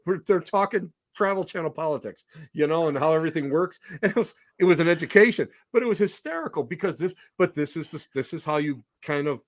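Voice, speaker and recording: A man with a slightly high voice and a very lively, swooping delivery, telling road stories as a podcast guest. He slips into other people's voices as he tells them. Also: brisk. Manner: animated, acts out voices in anecdotes. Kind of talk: casual storytelling on a podcast.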